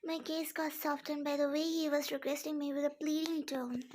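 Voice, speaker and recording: A woman's voice: sits high, flat delivery, moderate pace, darkish tone. A woman narrating a first-person fan fiction story in an earnest, simple way.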